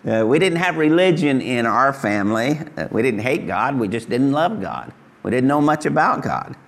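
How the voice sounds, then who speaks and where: Older man, pastor, folksy and earnest testimony, gravelly edge. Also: very animated, moderate pace, fairly bright tone. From Kansas, USA. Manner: earnest, folksy, rises high when voicing Jesus. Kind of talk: testimony sermon.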